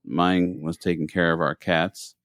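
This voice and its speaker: Male podcast co-host, low voice, animated storyteller who voices the people he quotes, dry recording. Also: a little slow, clean tone, dry recording. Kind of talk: casual storytelling chat.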